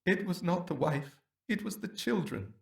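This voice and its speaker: A man voicing a desperate, refined gentleman. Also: fairly high pitch, animated, moderate pace, echoey room, far from the mic, voice pushed up. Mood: anguished. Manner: formal, pleading. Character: refined, sad-faced gentleman, unmasked and desperate. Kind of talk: audiobook character voice.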